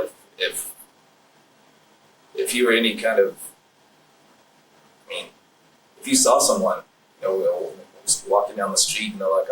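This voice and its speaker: Man, low voice, rambling interrogation account; distant roomy recording with faint ambient noise. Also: fairly bright tone. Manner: rambling, full of fillers and restarts. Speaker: suspect in interrogation. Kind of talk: recounting events under questioning. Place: police interrogation room. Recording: roomy interrogation room audio from afar.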